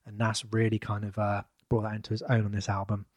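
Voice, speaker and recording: A man's voice: lowish voice, completely flat delivery, quick pace, darkish tone, no echo. A man co-hosting a podcast in casual chat, enthusiastic and joking. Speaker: podcast co-host.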